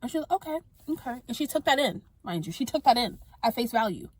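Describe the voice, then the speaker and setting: Animated young woman ranting, dry close sound. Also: on the high side, slightly rough, no room sound. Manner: animated, exasperated ranting with quick asides. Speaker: vlogger. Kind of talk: casual ranting monologue to camera.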